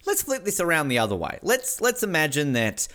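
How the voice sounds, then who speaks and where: A man's voice: on the high side, wildly swooping pitch, brisk, fairly bright tone. A man co-hosting a podcast in casual chat, rambling and joking with crude asides. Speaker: podcast co-host.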